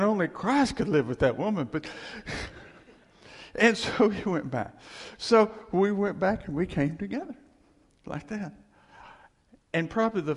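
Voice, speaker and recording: Middle-aged man, slightly high gravelly voice, animated church testimony, long hall reverb. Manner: animated, chuckling storyteller. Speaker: church speaker sharing testimony. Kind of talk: personal testimony to a congregation.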